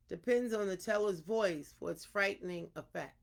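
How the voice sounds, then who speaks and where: Gravelly-edged woman reading aloud. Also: mid-range voice, normal speed, hardly any pauses. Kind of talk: read-aloud storytime closing.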